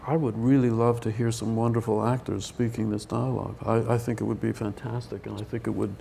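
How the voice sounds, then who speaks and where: Hesitant older man with a creaky voice. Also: lowish voice, little pitch movement, brisk, warm tone, slight background noise. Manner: rambling, hesitant with many restarts. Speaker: film director. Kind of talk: press event Q&A.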